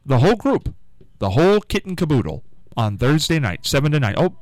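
A man's voice: a little high, big pitch swings, brisk, darkish tone, no echo. Upbeat, folksy male radio host. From Midwest US. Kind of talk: casual radio chat.

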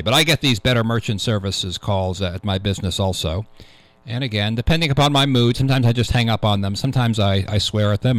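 A man's voice: fairly low pitch, fairly bright tone, no room sound, rough recording. A man hosting a casual tech radio show in a studio, rambling with many fillers as he talks through the news. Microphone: studio microphone.

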